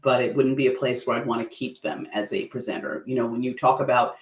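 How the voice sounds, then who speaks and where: A man of middle pitch teaches presenters over a livestream, lively and playful. He breaks into little acted-out bits between his points. The sound is roomy, with a clear echo around his voice. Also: fast. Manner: animated, acts out facial expressions with playful asides. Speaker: presentation coach hosting a livestream. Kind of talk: livestream lesson.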